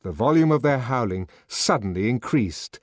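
A man reading an audiobook as narrator, in measured, expressive scripted storytelling. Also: medium pitch, dry recording.

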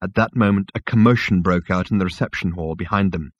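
A man narrating a comic audiobook in a wry, expressive storytelling manner. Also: low voice, a little fast, no echo, muffled recording.

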